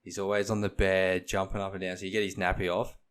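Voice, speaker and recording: A young man with a low-pitched, clean voice co-hosts a casual podcast, speaking quickly with a flat delivery. He retells stories in conversation, acting out the quotes.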